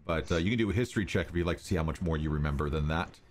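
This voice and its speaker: A man runs a tabletop adventure with an extremely deep voice. He narrates loosely, with frequent ums and uhs, and a faint hiss sits under him. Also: rapid-fire. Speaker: game master.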